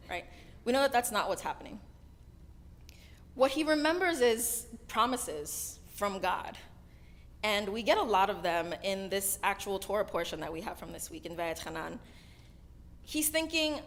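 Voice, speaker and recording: A woman's voice: a little high, sing-song, fairly quick. A woman giving a casual storytelling sermon at a synagogue service, chatty and keeps adding "right?" as she talks. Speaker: sermon speaker.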